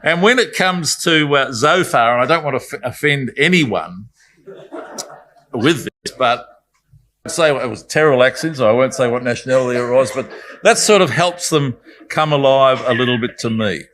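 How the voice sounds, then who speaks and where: A man's voice: medium pitch, expressive, moderate pace, fairly bright tone. Reflective man giving a Bible talk. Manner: conversational, reflective, apologetic asides. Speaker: Bible speaker.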